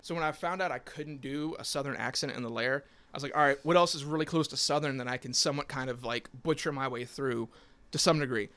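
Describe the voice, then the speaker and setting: A man's voice: medium pitch, fast, pushed and bright, clear, resonant tone. A man on a podcast, chatting casually and reading a written character backstory aloud with small slips. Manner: casual, swearing, reads steadily with small slips. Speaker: podcast guest, scare actor.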